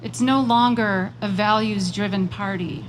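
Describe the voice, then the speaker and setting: A woman giving a prepared political speech at a rally, measured and emphatic, slowing down on repeated phrases and moving into personal storytelling. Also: medium pitch, steady tone, noisy background. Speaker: rally speaker.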